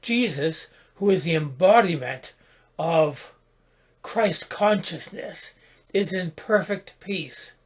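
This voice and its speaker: A man with a notably high voice delivers a reflective spoken sermon. He moves at a very slow, unhurried pace, calm and contemplative, sometimes pausing to restart a phrase. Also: slightly rough. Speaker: podcast host and spiritual teacher.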